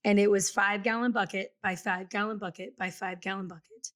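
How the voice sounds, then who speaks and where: A woman real estate agent co-hosting a casual chat, talking in an animated, storytelling way and acting out the quotes she tells. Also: mid-range voice, quick pace. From Kansas City area. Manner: chatty and animated, acts out quotes.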